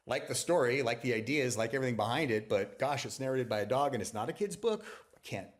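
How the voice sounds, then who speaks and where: A man's voice: medium pitch, animated, fast talker. A man, a novelist, telling the story of his book in a loose, chatty interview, restarting sentences and acting out what other people said. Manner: chatty, acts out other people's lines in quotes. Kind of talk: anecdotal conversational storytelling.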